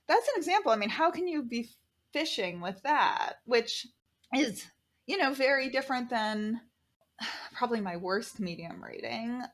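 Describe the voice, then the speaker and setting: A woman guest on a podcast, telling a story in a casual, animated way, acting out the people she quotes and swearing freely. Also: a little high.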